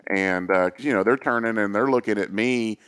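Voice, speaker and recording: A man, a guest on a talk show, telling lively stories with many quoted voices and fillers. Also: lowish voice, a little fast, smooth. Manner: animated storyteller, acts out quoted voices. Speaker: associate athletic director, guest. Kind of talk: casual storytelling interview.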